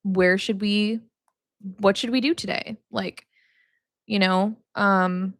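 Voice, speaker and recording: This young podcast host teaches about faith in a relaxed, chatty manner, peppering her speech with "like" and frequent laughter. She talks slowly in a medium-pitched, fairly even voice, with clean studio sound and no room echo.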